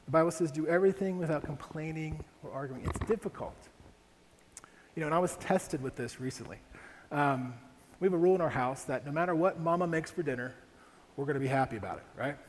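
A man's voice: a little high, fast, a little hiss or hum. A young man from Ohio preaching a sermon, telling a family story with frequent rhetorical questions to the congregation. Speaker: pastor. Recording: long reverb of a large hall, faint ambience.

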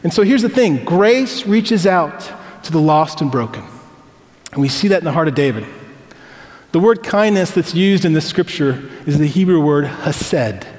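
Higher-voiced male pastor in reverberant church. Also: lively intonation, normal speed, a little mellow. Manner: conversational storytelling with personal anecdotes. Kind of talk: sermon. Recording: long hall reverb.

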